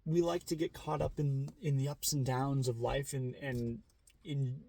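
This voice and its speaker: A young man with a mellow, relaxed voice talks through big questions in a casual vlog. He rambles, corrects himself mid-thought and swears freely. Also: mid-range voice, unhurried, gravelly. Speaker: vlogger. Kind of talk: casual philosophical monologue.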